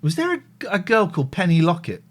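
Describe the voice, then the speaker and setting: A man hosting a live show, chatting casually in a playful, teasing way with sudden loud outbursts. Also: high-pitched, huge pitch swings, quick pace. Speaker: radio host.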